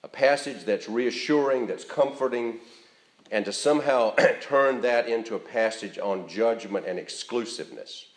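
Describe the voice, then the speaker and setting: A man preaching a sermon as pastor in a church, earnest and deliberate, stressing key words as he speaks. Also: mid-range voice, reverberant.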